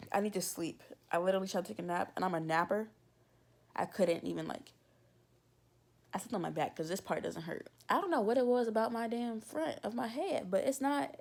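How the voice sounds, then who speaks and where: A woman's voice: mid-range voice, gravelly. A young woman telling a casual, exasperated storytime in a vlog. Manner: animated, exasperated and talkative. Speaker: vlogger.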